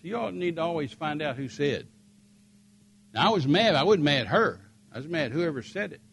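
An older man telling a story in a sermon, emphatic and rising to forceful peaks. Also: on the high side, very animated, fairly quick, creaky, slight background noise. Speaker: preacher.

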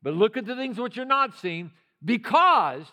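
An older male pastor preaching a sermon in a church, swinging from loud shouted passages to quiet, conversational storytelling. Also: very high-pitched, sing-song, moderate pace. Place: church sanctuary.

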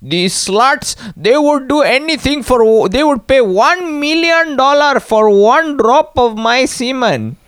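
A lecherous, bald fifty-year-old yoga guru bellows insults, as a man puts him on. His voice shoots very high and stretches every word out slowly. It is recorded close up and dry. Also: expressive, a bit bright, smooth, no room sound, heavily acted. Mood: yelling. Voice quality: shrill, drawn-out, bellowing insults.

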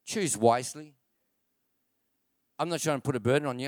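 Emphatic preacher man with a smooth, dry voice. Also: medium pitch, moderate pace, no echo. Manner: emphatic preaching, repeats key phrases for stress; rhetorical questions with calls to the congregation. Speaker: pastor. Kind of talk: sermon. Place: church.

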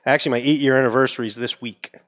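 Male podcast guest, mid-pitched, New England accent, relaxed and rambling. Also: rapid-fire. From Maine. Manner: rambling, restarts a lot, easygoing. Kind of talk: casual podcast chat. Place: podcast studio.

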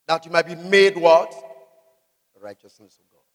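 A man preaching a sermon, asking the congregation questions and shouting out scripture. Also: fairly high pitch, little pitch movement, moderate pace, big-room sound. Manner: emphatic call-and-response preaching, shouting scripture.

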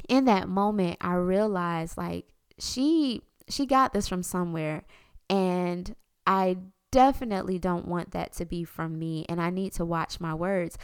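A woman's voice: fairly low pitch, unhurried, clear, resonant tone, no echo, studio quality. A woman in her thirties hosting a personal podcast, talking candidly and chattily with frequent "um"s and "you know"s. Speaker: podcast host.

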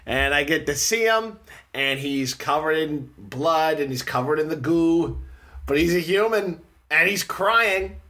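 A young man hosting a casual chat, telling a story in an animated way with frequent laughter. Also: sits high.

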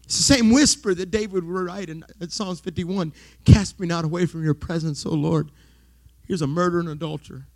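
A middle-aged male pastor preaching a sermon, dropping to hushed whispers and then rising to loud exclamations. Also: high-pitched, steady tone, fairly quick.

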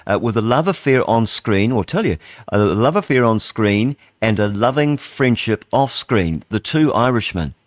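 Older Kiwi man hosting talk radio, fairly low voice, dry studio sound, rambles and thinks aloud. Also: expressive, normal speed, no echo. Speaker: radio host. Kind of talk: casual radio chat, reading headlines aloud.

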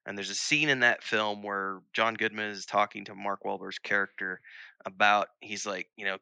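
Low, crisp, bright-toned man musing. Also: fairly even intonation, normal speed, no room sound. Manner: thoughtful, rambling, restarts when recalling things. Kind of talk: casual chat.

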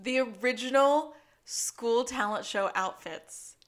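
A woman's voice: mid-range voice, measured pace, fairly bright tone. A young woman co-hosting a casual podcast, chatty and giggly, recapping a show. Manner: giggly, chatty, mimics characters badly. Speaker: podcast co-host.

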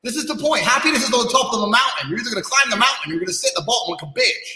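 A man's voice: very high-pitched, very fast, a crowd in the background. A man ranting bluntly on a podcast, brash and profane, bragging about himself. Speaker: guest, kickboxing champion. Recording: echoey room with long reverb.

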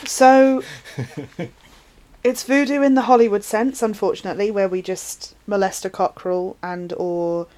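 A woman, co-hosting a casual film discussion, animated and chatty with quick asides. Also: medium pitch. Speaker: podcast co-host.

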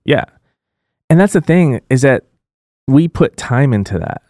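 A man's voice: mid-range voice, animated, measured pace, darkish tone, no echo, clean studio sound. A man co-hosting a podcast, venting his grievances in heated, profane casual chat. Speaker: podcast co-host.

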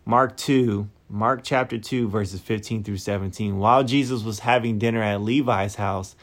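A man preaching a sermon, speaking slowly and deliberately and repeating key phrases for emphasis. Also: fairly low pitch, fairly even intonation.

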